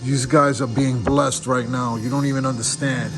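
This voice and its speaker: A man's voice: medium pitch, flat delivery, moderate pace. A man opening trading card packs on camera, awestruck and repeating exclamations of wonder. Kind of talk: excited unboxing commentary. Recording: background music.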